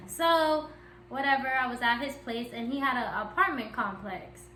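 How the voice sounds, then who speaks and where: A woman's voice: high voice, lively intonation, normal speed, bright, forceful tone, a little hiss or hum. A young woman vlogger telling a candid personal story in a chatty, giggly way. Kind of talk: casual storytime chat. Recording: echoey room.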